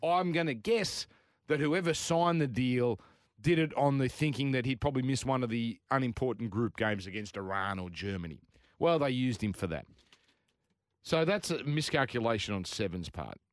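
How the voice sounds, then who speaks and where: A man's voice: mid-range voice, lively intonation, moderate pace, no echo, studio quality. A man with an Australian accent hosting a sports talk show, opinionated and ranting in casual banter. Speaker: radio sports show host.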